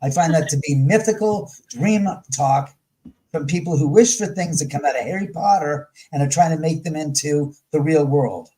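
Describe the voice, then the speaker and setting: On a rough recording, a middle-aged guest with a fairly high voice speaks at a normal speed. His casual talk is animated, crude, and direct, and he frequently mimics what others said.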